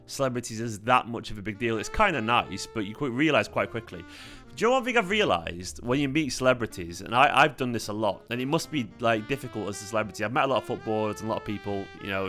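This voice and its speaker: A laid-back young man chats on a livestream, rambling along with plenty of fillers. His voice sounds tired, yet it keeps a bright, forward edge, and soft guitar music plays faintly behind him. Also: on the low side, animated, brisk. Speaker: fan channel host. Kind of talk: casual livestream chat.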